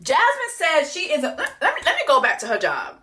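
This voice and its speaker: A woman's voice: high-pitched, huge pitch swings, brisk, pushed and bright, soft background music. A woman hosting a reaction video, talking bluntly and profanely, repeating her points for emphasis. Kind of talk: unscripted reaction commentary.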